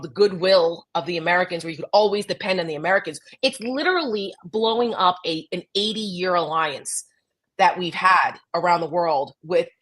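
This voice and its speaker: A woman with a New Jersey accent co-hosting a casual political chat show, talking in an animated, blunt way and swearing freely. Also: lowish voice. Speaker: co-host.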